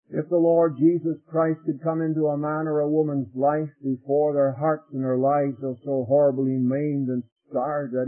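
Fervent preacher on tinny old radio. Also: male voice, a little high. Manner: fervent, rising to loud impassioned peaks; folksy storytelling. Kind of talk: revival sermon.

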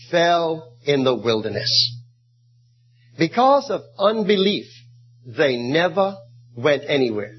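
Male preacher, higher-pitched and husky, sermon delivery, muffled recording. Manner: reads scripture in archaic cadence, then tells stories.

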